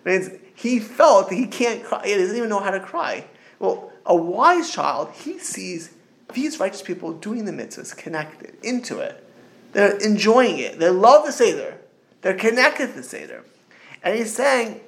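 Rambling gravelly middle-aged man teaching. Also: high voice, expressive, normal speed, fairly bright tone. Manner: rambling and digressive, many restarts and storytelling asides. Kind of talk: informal religious talk.

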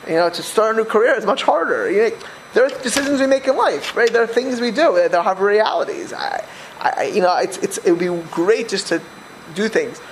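A man teaching a Torah class, animated, with many restarts and repeated words. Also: high voice, fairly quick, slight background noise, rough recording. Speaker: religious teacher.

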